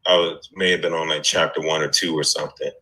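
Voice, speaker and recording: Low, bright-voiced man chatting casually. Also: fast, poor audio. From United States. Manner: relaxed, laughs while telling stories. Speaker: panelist. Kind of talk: casual panel discussion.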